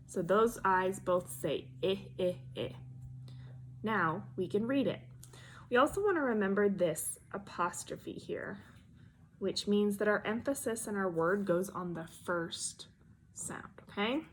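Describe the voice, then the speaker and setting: A woman teaches a phonics lesson to young children, slowly sounding out each letter and word. Her voice sits at an ordinary middle pitch and her tone stays patient and encouraging. A faint hiss runs under the recording.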